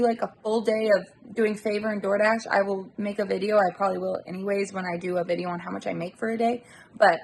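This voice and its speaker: A woman with a gravelly, fry-edged voice talks straight to her phone camera from inside a car. She vents with casual irritation and swears freely, her voice sitting at an ordinary middle pitch, with a faint hum of ambience behind her. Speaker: delivery-driver vlogger. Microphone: handheld phone camera.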